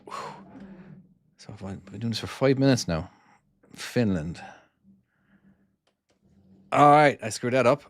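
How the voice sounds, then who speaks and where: A man's voice: mid-range voice, expressive, slow, long pauses. A man, casually chatting on a live stream while playing his own trucking game and reading out viewer comments. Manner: chatty, easily distracted, reads comments aloud.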